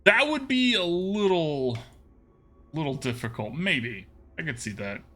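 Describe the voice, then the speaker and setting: A man's voice: fairly high pitch, expressive, a little slow, a bit bright, soft background music. A man streaming a card game live, chatting casually with his viewers and laughing often. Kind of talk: live gameplay commentary.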